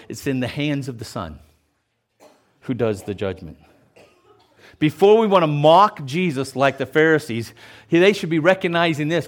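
Male pastor, Bible teaching, fairly high voice, very animated pitch, emphatic and repetitive. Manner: animated, emphatic, explains and repeats points; casual asides and self-restarts. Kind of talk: verse-by-verse Bible teaching sermon.

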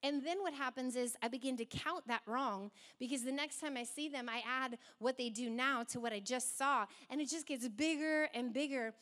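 A young adult woman preaching a sermon in an animated way, acting out quoted voices as she goes. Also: high-pitched, moderate pace, few pauses.

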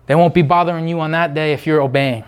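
A male preacher with a high, light voice, delivering an unscripted sermon. He talks with fervent insistence, circling back to his points again and again. Now and then he slips into short imitations of other people before returning to his own urging. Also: fairly even intonation, fast, clear, resonant tone.

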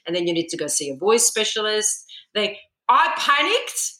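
Guest: woman singer, dramatic storyteller, bright voice, roomy echo. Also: mid-range voice, normal speed. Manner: animated storyteller, acts out her own panic in quotes. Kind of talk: podcast interview. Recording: echoey room.

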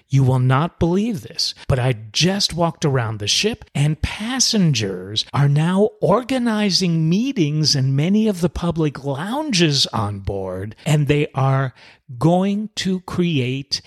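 A man's voice: on the high side, husky. A man, a former cruise director, hosting a self-help talk and telling a personal story, acting out the dialogue as he goes.

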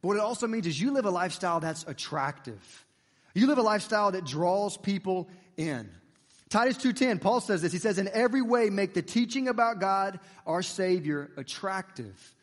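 A man preaching a sermon, chatty and lively, joking with the congregation. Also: high-pitched, moderate pace, long reverb tail. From United States. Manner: conversational and lively, with playful asides to the congregation.

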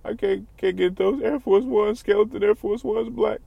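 A man putting on the voice of a whiny, self-pitying young man, high and whining. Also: moderate pace, creaky, slightly rough, dry recording, highs cut off, full character voice.

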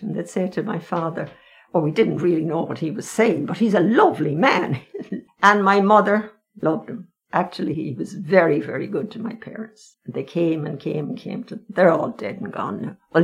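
In a mid-range voice with vocal fry, an older Irish woman recounts her family's past. She's being interviewed and tells her stories frankly, wryly, and conversationally.

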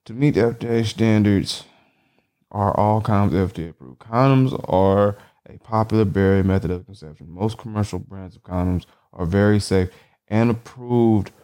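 A man talking alone in casual commentary, reading search results aloud haltingly and joking with lots of swearing. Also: deep voice, a little mellow. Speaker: vlogger.

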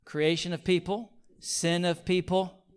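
Male preacher, sermon, calls for amens, hushed then loud, fairly high voice. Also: flat delivery, unhurried, smooth. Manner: swings from quiet, near-whispered points to loud, pleading repetition; call-and-response, asking the audience for amens.

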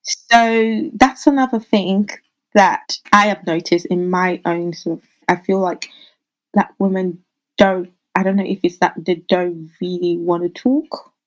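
A woman midwife answering interview questions in an earnest, thoughtful way, often pausing over her words with fillers. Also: fairly low pitch, steady tone, low-quality recording. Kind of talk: interview answers, casual conversation.

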